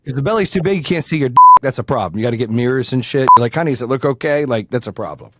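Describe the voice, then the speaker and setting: A man's voice: medium pitch, racing. A man hosting a podcast, telling stories in casual, profane chat and acting out the people he quotes. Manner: profane, animated, acts out quoted voices. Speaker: podcast host. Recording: loud background noise.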